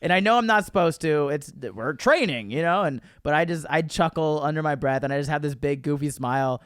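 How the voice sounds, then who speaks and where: A man from Florida tells a story on a podcast with a smooth, resonant voice that sits a little high. He talks in a casual, animated way and laughs as he goes. The sound is dry and close, with no room behind him. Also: a little fast, dry recording. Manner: animated storyteller, laughs while telling, acts out quotes. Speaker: podcast guest, comedian.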